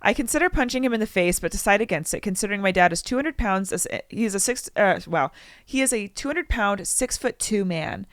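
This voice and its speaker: Her mid-range voice expressive and fairly quick, a young adult woman reads a listener's story on the podcast she co-hosts, chatting casually. She breaks off to joke and comment and acts out quotes loudly, in studio-quality sound without room sound.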